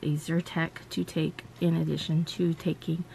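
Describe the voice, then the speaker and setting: Lady vlogger telling her story, kinda low and gravelly, lots of "you know" and "like". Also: flat delivery, moderate pace, dark tone, a little hiss or hum. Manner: rambling, full of "you know" and "like" fillers. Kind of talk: casual storytelling to camera.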